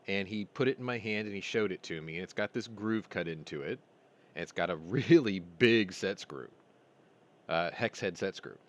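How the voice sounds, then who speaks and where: A man hosting a casual weekly chat show, telling long, rambling stories and acting out both sides of conversations. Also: lowish voice. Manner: rambling storyteller, retells dialogue. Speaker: host.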